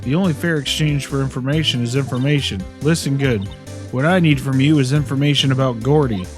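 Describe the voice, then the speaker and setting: A man's voice: mid-range voice, fairly quick, darkish tone, faint music behind, close to an everyday voice. A man voicing a brash young Southern woman photographer with a put-on drawl, folksy and fond of bargaining. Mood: wheeling-dealing. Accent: American Southern, put on.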